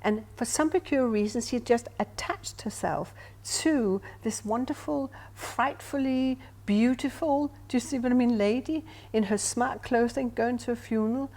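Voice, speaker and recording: Her voice a little high and her pace normal, this older medium barely pauses as she recounts stories during an interview. She is an emphatic, animated storyteller who keeps checking in with "do you see what I mean."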